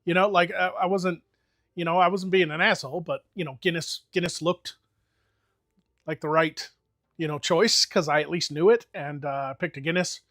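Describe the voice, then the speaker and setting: A man's voice: on the high side, steady tone, moderate pace, a bit bright, no room sound, clean studio sound. An American man streaming and chatting casually, telling rambling, profane stories with lots of fillers. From United States. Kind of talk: casual chat.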